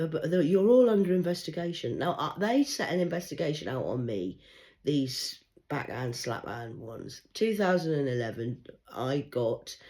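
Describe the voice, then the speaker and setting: A woman, reading tarot cards in a rambling livestream monologue, swinging between loud urgency and hushed murmurs. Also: low-pitched. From England. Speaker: tarot card reader.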